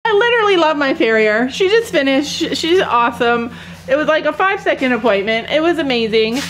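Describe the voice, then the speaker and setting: A woman's voice: sits high, lively intonation, brisk, music in the background, low-quality recording. A woman in her fifties, vlogging casually from a cold barn, talking candidly and emotionally and now and then breaking off to chat to her animals. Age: 50s. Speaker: farm vlogger.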